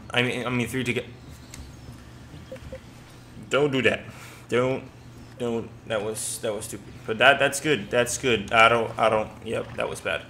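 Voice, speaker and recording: A young man giving casual gameplay commentary, excitable, often stammering and swearing as he reacts. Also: medium pitch, a little hiss or hum. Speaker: gaming commentator.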